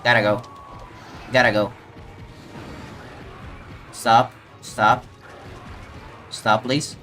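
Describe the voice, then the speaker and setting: A man streaming a video game live, reacting out loud and talking to the monster he fights. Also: mid-range voice, extremely slow, faint music behind. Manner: excitable, talks to the monster. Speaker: gaming streamer. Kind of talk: live gameplay commentary.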